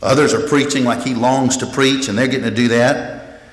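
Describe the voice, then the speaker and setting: A man's voice: mid-range voice, fairly even intonation, moderate pace. A man preaching a sermon as pastor, earnest and emphatic, often repeating and restarting phrases. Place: church sanctuary. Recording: echoey hall with long reverb.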